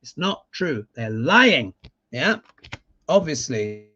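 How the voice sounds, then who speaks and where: A man's voice: mid-range voice, sing-song, slow pace, pushed and bright. A man giving a live tarot reading in casual, sarcastic talk, often tagging his points with a questioning "yeah?". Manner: sarcastic, emphatic, keeps adding "yeah?" tags. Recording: dull lo-fi sound.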